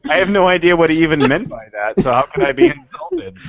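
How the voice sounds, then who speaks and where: Man, high lively voice, confused questioning co-host, lo-fi call with faint hiss. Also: fast talker, gravelly. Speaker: podcast co-host. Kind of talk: crude casual banter. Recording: lo-fi call audio with faint noise.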